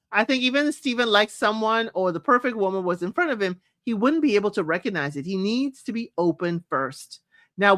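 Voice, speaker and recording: A woman's voice: medium pitch, no room sound, studio quality. A middle-aged woman, chatting casually and playfully about a reality show and acting out quotes. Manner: animated, playful, acts out quotes, addresses viewers as y'all. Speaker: show recap host. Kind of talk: casual reality-TV recap chat.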